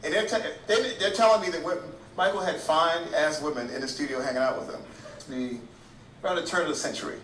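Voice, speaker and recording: A man's voice: on the high side, fast, fairly bright tone. Man telling a story, echoey and distant. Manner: conversational, with restarts. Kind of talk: interview storytelling. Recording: echoey, from far off, faint hiss.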